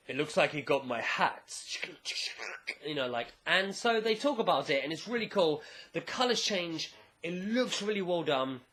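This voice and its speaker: Man from England, casual reviewer: higher-pitched, animated and profane. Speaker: anime reviewer.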